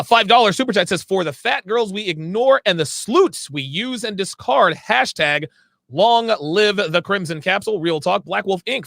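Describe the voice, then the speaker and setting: A man's voice: sits high, creaky, fairly bright tone, dry recording, clean studio sound. A man hosting a livestream, reading viewer messages aloud and answering them in a blunt, emphatic way, sometimes stopping to fix his own words. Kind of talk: casual livestream talk.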